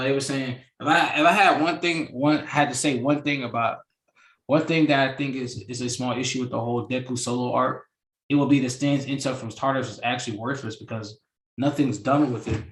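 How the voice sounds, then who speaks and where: Animated man ranting casually. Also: mid-range voice. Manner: animated, emphatic, acts out quotes. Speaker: host. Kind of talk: casual reaction discussion.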